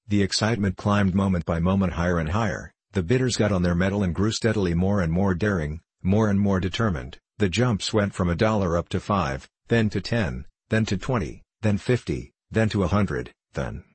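A male audiobook narrator telling a classic story in a measured, even way. His voice is low with a husky grain, recorded close and dry. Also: dry recording.

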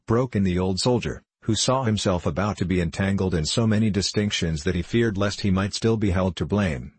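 A man narrating an audiobook in a measured, even reading. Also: low voice, slightly rough, dry recording. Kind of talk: scripted narration.

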